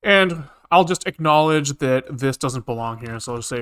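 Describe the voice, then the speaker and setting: A man's voice: mid-range voice, lively intonation, normal speed, hardly any pauses, fairly bright tone, clean tone. A man streaming live coding, rambling casually with lots of fillers and the odd swear as he thinks aloud. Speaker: programming streamer.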